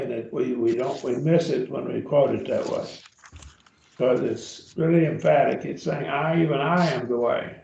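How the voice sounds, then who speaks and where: A man's voice: medium pitch, vocal fry, darkish tone. A man teaching a Bible Greek grammar class, patiently explaining step by step and checking in with his students. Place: church classroom. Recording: distant, roomy and dull.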